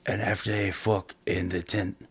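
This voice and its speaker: A man's voice: low voice, level tone, moderate pace, creaky, slightly rough, exaggerated voice. Man doing a grave, preachy old sage. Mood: solemn.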